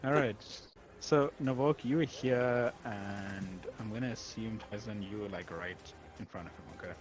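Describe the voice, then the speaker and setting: A man's voice: on the low side, moderate pace. Laughing man running a tabletop game. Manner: laughs often, lively storytelling. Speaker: game master.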